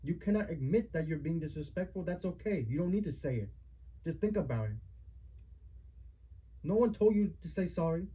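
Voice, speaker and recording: A man's voice: on the high side, lively intonation, moderate pace, long pauses, dark tone, slightly rough, low-quality recording. A man giving a family member a heated lecture at home, stern and repetitive as he scolds.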